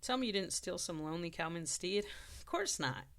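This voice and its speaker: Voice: medium pitch, expressive, a little fast, fairly bright tone. A reader voicing a bold, confident young woman rider from the frontier, teasing and forward.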